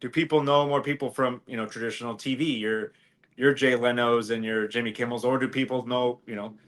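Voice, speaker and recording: A man's voice: medium pitch, steady tone, a little fast, a bit bright. A man co-hosting a podcast in casual chat, rambling with lots of fillers and restarts. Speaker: podcast co-host.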